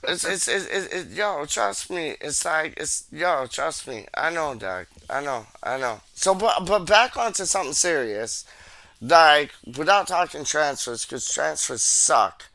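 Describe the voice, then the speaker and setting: A man's voice: a little high, expressive, measured pace, pushed and bright, dry recording. A man chatting casually on a football podcast, full of slang and repeated fillers. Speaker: podcast co-host. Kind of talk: casual chat.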